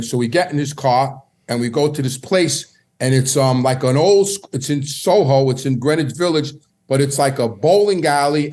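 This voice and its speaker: A man's voice: mid-range voice, darkish tone. A middle-aged man telling stories from his past in a casual, meandering way, often restarting his sentences. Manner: meandering, repeats words and restarts. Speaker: podcast guest. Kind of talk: casual storytelling.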